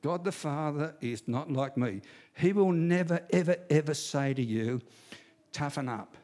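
A man's voice: fairly high pitch, normal speed, mellow. Pastor in his sixties preaching. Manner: storytelling with humor, repeats key phrases. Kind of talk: sermon.

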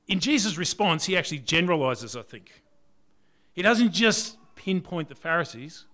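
A man delivers a sermon in a chatty, searching way, stacking up rhetorical questions. His voice sits high and rings bright and forward. He swings between pushing hard and dropping almost to a murmur. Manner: conversational, rhetorical questions, wide swings in loudness. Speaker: preacher.

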